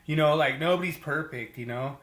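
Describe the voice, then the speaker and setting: A man co-hosting a casual podcast, chatty and animated as he retells arguments with colleagues. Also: on the high side, fairly quick, reverberant. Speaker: podcast co-host.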